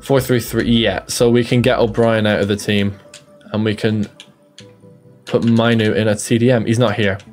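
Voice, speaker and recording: A man's voice: lowish voice, flat delivery, normal speed, a little mellow, faint music behind. A young Irish man giving casual, jokey live commentary on a game, self-deprecating and chatty. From Ireland. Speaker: streamer.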